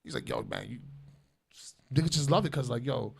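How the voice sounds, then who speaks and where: A man's voice: medium pitch, very animated, brisk, vocal fry, husky. A man co-hosting a casual radio podcast, rambling through family stories with a New York-New Jersey urban accent, repeating himself and acting out his relatives' lines. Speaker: podcast co-host. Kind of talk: casual banter.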